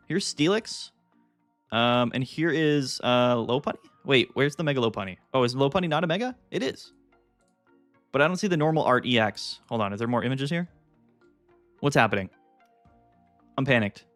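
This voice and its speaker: A man hosting a live card-game stream, chatting casually and getting excited, thinking aloud with lots of fillers. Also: medium pitch, dry recording. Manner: excitable, thinks aloud, frequent fillers, jumps between topics.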